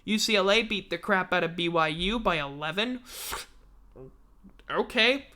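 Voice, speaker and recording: A man's voice: high-pitched, measured pace, bright, forceful tone. A man hosting a casual sports recap, blunt and sarcastic, tired and yawning. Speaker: host of a sports podcast.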